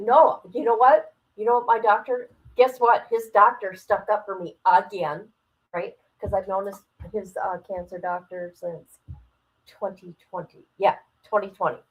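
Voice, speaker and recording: A woman's voice: mid-range voice, steady tone, a little slow, muffled recording. Blunt, profane woman venting. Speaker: streamer. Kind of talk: casual livestream chat.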